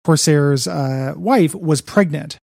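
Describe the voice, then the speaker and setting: A man's voice: on the high side, slow, gravelly, darkish tone, dry recording, clean studio sound. A man co-hosting a podcast, recapping a comic book in casual, rambling chat full of "you know" and "like". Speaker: podcast co-host.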